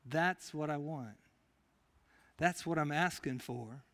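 A preacher voicing God, hushed and low. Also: male voice, slow. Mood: calm, insistent. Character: God, a calm, patient commanding male voice. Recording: long reverb of a large hall.

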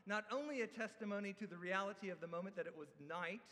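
A man preaching a sermon, telling the story in a conversational, animated way with asides to the listeners. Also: high voice, fast. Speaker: pastor. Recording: echoey hall with long reverb.

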